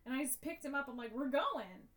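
Casting note: woman podcast co-host, high bright voice, a little off-mic, animated storyteller. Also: rapid-fire, recorded from a distance. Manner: animated storytelling, laughs often, swears. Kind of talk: casual chat.

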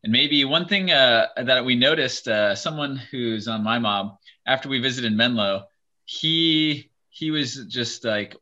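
Brief: male co-host, casual and easygoing, bright timbre, slightly muffled recording. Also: mid-range voice, normal speed. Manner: easygoing, filler-heavy. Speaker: podcast co-host. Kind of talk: casual chat. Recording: slightly dull lo-fi audio.

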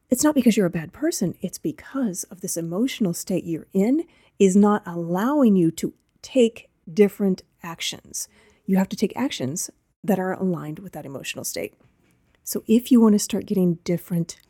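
A woman coaching her listeners on a solo podcast, with a lowish, mellow voice. She talks in an animated way and speaks straight to the listener. The sound is dry and close, with no room around it. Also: husky, no echo.

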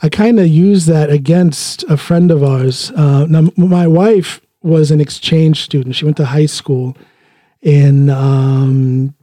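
A middle-aged man hosts a podcast from his home studio, chatting easily and chuckling between thoughts. His voice sits a little high but sounds dark and mellow, and the room adds almost no echo. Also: takes it slowly. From United States. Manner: relaxed, laughs often, frequent restarts. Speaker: podcast host. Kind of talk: casual conversation.

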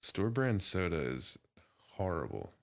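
A man's voice: sits low, big pitch swings, slow pace, gravelly, a bit bright, no echo. A man co-hosting a podcast, chiming in with dry, short comments. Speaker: podcast co-host. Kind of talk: casual chat.

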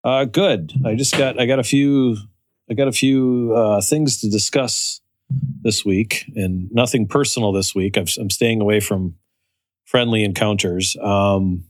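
Male podcast co-host, halting delivery of trivia, dry close mic. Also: on the low side, steady tone, dry recording. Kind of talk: casual chat.

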